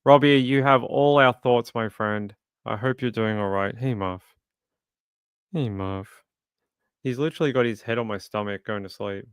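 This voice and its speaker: A man's voice: mid-range voice, fairly quick, hardly any pauses, clean tone, dry recording, studio quality. A man hosting a true crime livestream, chatting casually and reading viewer comments aloud with sympathy. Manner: conversational, sympathetic, reads chat aloud.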